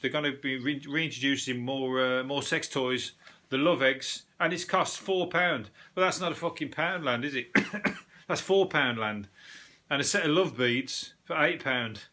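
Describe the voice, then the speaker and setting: An English man hosts a solo comedy podcast, his voice bright and forward. He talks in a dry, deadpan ramble, swearing often and stumbling over his words as he goes. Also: medium pitch. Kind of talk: solo topical comedy rant.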